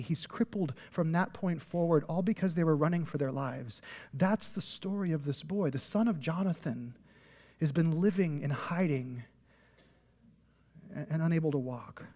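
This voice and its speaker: High-voiced pastor preaching in a hall. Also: male voice, darkish tone. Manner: conversational, emphatic, frequent "like"; leads the audience in call-and-response. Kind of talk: sermon. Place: church sanctuary.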